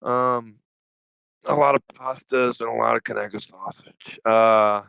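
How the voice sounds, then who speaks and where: A man's voice: medium pitch, fairly even intonation, measured pace, creaky, sharp tone, clean tone, dry recording, low-quality recording. A man with an Alabama Southern accent, talking as a podcast guest in a laid-back, slangy, profane and jokey way. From Evergreen, Alabama, US. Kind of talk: casual conversational storytelling.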